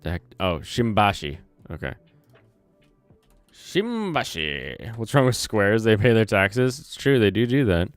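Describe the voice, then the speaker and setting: Soft lo-fi music and keyboard typing play behind a streamer with a slight Southern twang, whose fairly low, smooth voice moves at a moderate pace on a dry, close desk mic. Hosting his channel's casual stream, he rambles, self-corrects and reads chat aloud.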